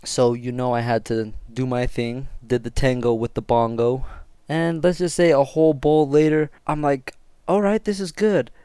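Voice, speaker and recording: Young guy vlogging a storytime, smooth clear voice, dry close mic, slangy and swearing, gets all worked up. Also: medium pitch, normal speed, no room sound. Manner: excitable, slangy, swears freely. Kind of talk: casual storytelling to camera.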